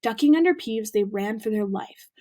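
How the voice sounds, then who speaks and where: A woman teacher reading a novel aloud with lively, expressive storytelling, recorded at home for a remote class. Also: a little high, normal speed.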